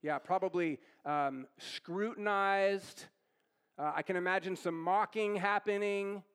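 A man's voice: high voice, measured pace, fairly bright tone, smooth. A male pastor giving an interactive sermon, asking the audience questions, repeating their answers and tagging lines with "right?". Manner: conversational, often tags lines with "right?".

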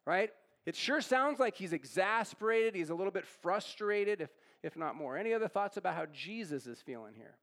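A man with a high voice gives a conversational sermon. He keeps asking his listeners questions, echoes their answers back and tags his points with "right?". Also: lively intonation, moderate pace, a bit bright. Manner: asks the audience questions and repeats their answers. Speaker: pastor. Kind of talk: interactive sermon.

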